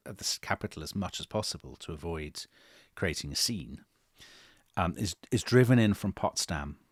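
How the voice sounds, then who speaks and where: A middle-aged man with a very low voice co-hosts a history podcast, recounting events with dramatic flair. He slips into the voices of the people he quotes, and the recording is dry and close to the mic. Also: dry recording. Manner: dramatic retelling with acted quotes. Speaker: podcast co-host. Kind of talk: animated historical storytelling.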